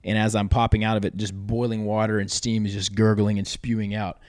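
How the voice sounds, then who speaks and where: Animated man telling a story. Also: lowish voice, fairly quick, no echo, studio quality. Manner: animated storyteller, acts out quotes loudly. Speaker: podcast guest, athlete. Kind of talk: casual storytelling in interview.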